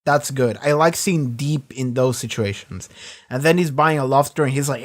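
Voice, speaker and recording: A man's voice: mid-range voice, moderate pace. A man hosting a reaction video, retelling scenes in a loose, profane way full of fillers. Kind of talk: casual reaction commentary.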